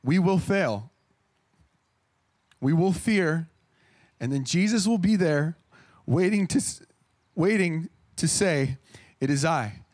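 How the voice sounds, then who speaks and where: A man's voice: sits high, lively intonation, slow pace, pauses often, a little mellow. A man in his thirties preaching a sermon in an earnest, conversational way, often restarting his phrases.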